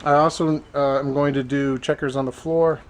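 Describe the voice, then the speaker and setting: A man's voice: a little high, normal speed, rough recording. Chatty man vlogging over street noise. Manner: chatty, animated storytelling. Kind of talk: casual vlog chat.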